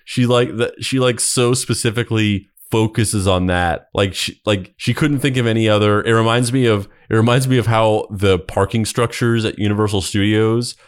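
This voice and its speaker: Man, low voice, comic read-aloud, wry and cringing, laughs a lot. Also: steady tone, normal speed, few pauses, smooth. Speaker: podcast co-host. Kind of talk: comedic read-aloud with commentary.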